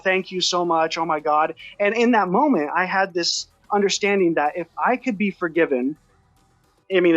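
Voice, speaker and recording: Earnest high-voiced man telling a story. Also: fairly bright tone, no room sound, muffled recording. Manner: earnest, heartfelt, rushed with restarts. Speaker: podcast guest. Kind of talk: personal storytelling.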